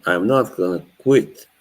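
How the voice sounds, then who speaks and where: A man's voice: low voice, slow, low-quality recording. A man, chatting casually with his live chat as a streamer, laughing often. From Bosnia. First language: Norwegian. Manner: laid-back, laughs often, chats to viewers.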